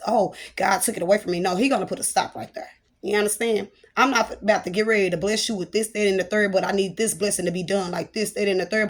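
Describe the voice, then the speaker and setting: A woman prophetess giving a spoken prophetic message, chatty and playful, with church exclamations. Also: mid-range voice.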